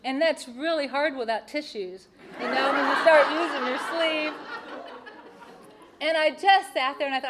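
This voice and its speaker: A woman telling a personal testimony, expressive and laughing at her own mishaps. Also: high voice, moderate pace, noisy background. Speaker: speaker sharing a personal testimony. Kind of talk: personal storytelling.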